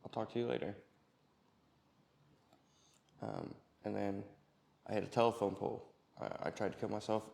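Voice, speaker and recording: A man telling a personal testimony in a plain, halting way, with many fillers. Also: fairly low pitch, gravelly, a little mellow. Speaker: employee sharing personal story.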